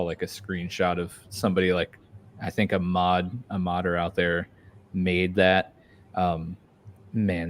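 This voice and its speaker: Deep-voiced man hosting a casual podcast. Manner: rambling, frequent fillers and restarts. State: losing his voice. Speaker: podcast host.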